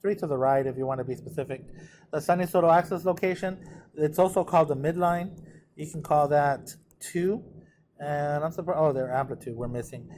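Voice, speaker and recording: A man's voice: fairly high pitch, a little fast, a little mellow, a little hiss or hum. Casual man walking through math problems. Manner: casual, thinks aloud while working problems. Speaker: math teacher. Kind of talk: recorded exam walkthrough.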